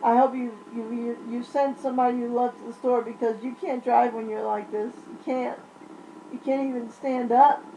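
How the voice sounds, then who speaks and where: A woman's voice: fairly high pitch, steady tone, moderate pace, warm tone, a little hiss or hum, low-quality recording. A woman vlogging, unwell during a flare-up, venting in a blunt, profane, exasperated rant. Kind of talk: ranting vlog.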